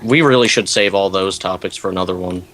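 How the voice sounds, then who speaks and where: A man's voice: sits low, quick pace, fairly bright tone. A teenage boy co-hosting a casual online podcast, blunt and a bit reluctant. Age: teens. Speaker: podcast co-host. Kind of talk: casual chat. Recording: faint hiss, keyboard clicks.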